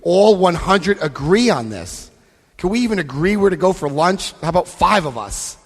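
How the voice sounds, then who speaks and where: A husky, high-voiced man from Florida addresses a recovery convention at a moderate pace, his pitch swinging widely. He's emphatic and direct, walking the audience through pages of the book and often checking in with "Okay?" The live talk carries long reverb from the large hall full of listeners.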